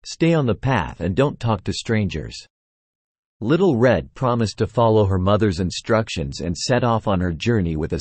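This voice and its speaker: Brief: male fairy-tale narrator, low and husky, dry close sound. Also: darkish tone, no room sound. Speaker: storyteller.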